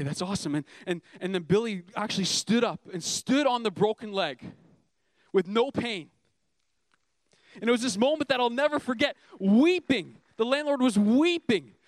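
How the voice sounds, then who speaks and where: A man's voice: high voice, no echo. A young man preaching a sermon as a youth pastor, earnest and emphatic, asking the congregation rhetorical questions.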